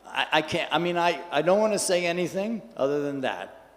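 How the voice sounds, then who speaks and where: A man giving a scripture class in a temple hall, telling an anecdote in a lively way and acting out the quotes. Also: a little high, a little fast. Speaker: class speaker.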